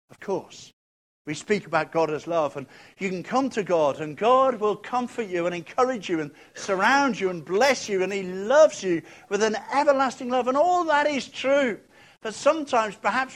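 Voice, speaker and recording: A man with a notably high voice delivers a sermon. His preaching is expressive and emphatic, leaning on rhetorical questions.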